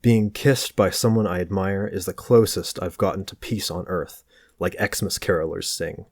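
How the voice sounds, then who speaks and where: A man's voice: deep voice, fairly even intonation, normal speed, no echo. Narrator doing a stoned teen boy: drowsy, flippant, jaded, dry close sound. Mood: musing.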